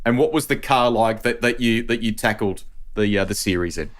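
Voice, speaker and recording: A male podcast host with a fairly low voice. He asks long, rambling questions, often circling back and restarting mid-sentence. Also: fairly quick. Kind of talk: interview questions.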